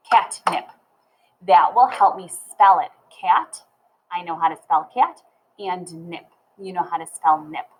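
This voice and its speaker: A woman gives a phonics lesson to young children at a middle pitch. She sounds out each word part slowly and clearly. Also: low-quality recording. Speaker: teacher.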